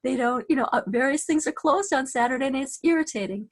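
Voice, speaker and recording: A woman tells a story in a relaxed, animated way, often restarting her sentences. Her voice is husky and breathy, set a little high. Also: fast. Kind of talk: casual spoken storytelling.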